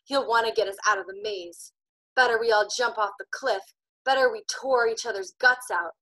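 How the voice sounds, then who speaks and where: A woman voicing a crazed, paranoid teenage boy with a shrill, shrieking voice in a storybook reading. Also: moderate pace, pushed and bright. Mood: frantic. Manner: screaming, then whispered chanting.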